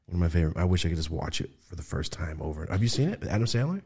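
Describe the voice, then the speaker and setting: Young guy hosting a podcast, deepish voice, super animated, does goofy high voices. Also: rapid-fire, husky. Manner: animated storytelling, jumps into high mimicking voices. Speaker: podcast host. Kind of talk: casual podcast chat.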